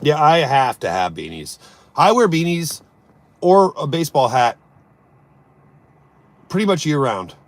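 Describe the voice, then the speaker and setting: A man hosting a casual live stream, joking around and answering viewers' chat, swinging between loud bursts and mumbled asides. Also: fairly high pitch, big pitch swings, measured pace, pauses often.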